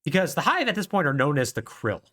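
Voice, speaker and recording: A man's voice: a little high, quick pace. A man co-hosting a podcast, casually retelling a story with jokes and laughs. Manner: animated storytelling, laughing at his own jokes. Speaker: podcast co-host. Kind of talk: casual chat.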